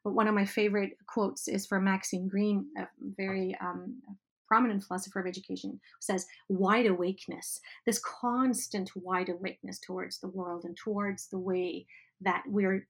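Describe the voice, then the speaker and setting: A woman teacher speaking in an animated, emphatic way in a conversational interview. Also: mid-range voice, vocal fry, breathy edge. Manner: animated, emphatic, quick asides with laughs. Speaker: teacher educator guest.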